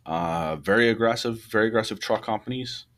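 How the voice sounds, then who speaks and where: Man, very low voice, firefighter co-host, casual and rambling, animated critique. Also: fairly quick. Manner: loose and rambling, many restarts, rising pitch when animated. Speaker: podcast co-host, fire truck company boss. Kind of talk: casual shop talk about firefighting.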